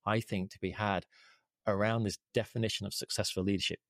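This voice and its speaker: A man's voice: on the low side, flat delivery, a little fast, no room sound, studio quality. A man talking earnestly in an interview, asking rhetorical questions as he argues a point. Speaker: guest, leadership advocate. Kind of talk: conversational interview.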